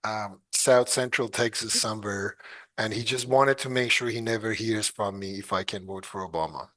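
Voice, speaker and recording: A man's voice: on the low side, moderate pace, a bit bright. Hesitant man guest on a podcast. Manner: hesitant, many fillers and restarts. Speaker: podcast guest, clean energy engineer. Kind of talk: casual interview talk.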